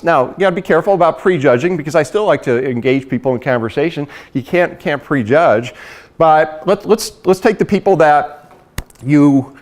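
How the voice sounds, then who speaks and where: A middle-aged man giving a lively sales training talk, acting out conversations and laughing often. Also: fairly high pitch. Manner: animated storyteller, acts out dialogue, laughs often.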